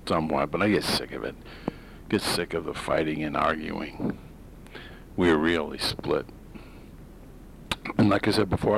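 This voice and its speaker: A man's voice: low-pitched, vocal fry, a little hiss or hum, poor audio. A man hosting his own show, talking through opinions in a blunt, rambling, sarcastic monologue full of fillers and restarts. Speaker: podcast host. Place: home in Maine.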